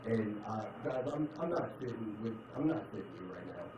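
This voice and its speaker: A man doing a stand-up comedy set, chatting with the audience and switching between loud put-on voices and low mutters. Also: lively intonation, brisk, background noise. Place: comedy club stage. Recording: echoey club, distant mic, dull sound, crowd laughter.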